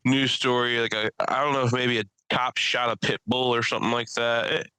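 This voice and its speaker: In a roughly recorded but dry-sounding clip, a young man who hosts a podcast and does stand-up tells meandering comic stories with plenty of profanity. His medium-pitched voice is smooth and quick with little variation, apart from loud bursts when he imitates people.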